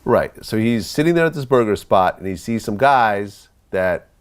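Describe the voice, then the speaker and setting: A man's voice: on the low side, animated, moderate pace, crowd noise. A man interviewing a guest in a casual interview, prompting with short affirmations and summaries.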